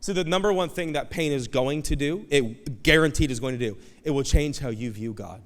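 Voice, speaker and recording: A man preaching a sermon as pastor, animated, breaking into loud, high outbursts as he acts out pleading voices from the story. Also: a little fast, big-room sound. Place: church auditorium.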